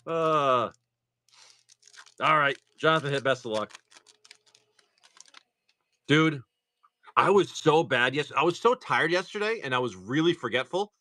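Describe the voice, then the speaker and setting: A man hosting a live stream, chatting casually and excitedly to viewers as he opens card packs. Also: fairly high pitch, slow, long pauses.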